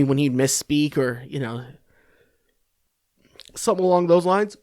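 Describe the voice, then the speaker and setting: A man's voice: fairly high pitch, moderate pace, pauses often, darkish tone, no room sound, studio quality. A man hosting a podcast, giving rambling, sarcastic political commentary full of swearing and restarts. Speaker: podcast host.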